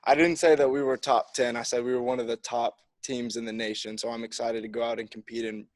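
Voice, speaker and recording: A man's voice: medium pitch, level tone, quick pace, no room sound. A young man, a college football kicker, answering press conference questions in an upbeat, easygoing way. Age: young adult.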